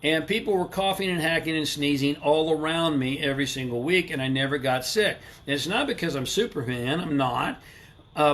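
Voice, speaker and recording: A man's voice: a little high, a bit bright. Emphatic middle-aged man on a livestream. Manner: emphatic, rhetorical questions, greets viewers by name. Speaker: livestream host. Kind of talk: motivational livestream talk. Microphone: live stream camera mic.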